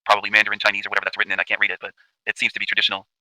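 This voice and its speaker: Fast, profane, ranting Canadian man. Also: lowish voice, monotone, bright, forceful tone, a little hiss or hum, poor audio. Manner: emphatic, profane, repetitive. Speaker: channel host. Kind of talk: ranting commentary over video.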